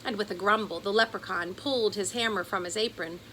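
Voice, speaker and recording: A woman reading a children's chapter book aloud in an expressive storytelling voice. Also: medium pitch, a little fast, a little hiss or hum, poor audio. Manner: expressive, does character voices. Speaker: audiobook narrator.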